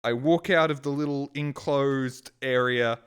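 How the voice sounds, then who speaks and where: A man's voice: mid-range voice, steady tone, a little slow, clear, resonant tone. A young man streaming a game, telling a long rambling story with plenty of swearing. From Australia. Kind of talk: casual storytelling.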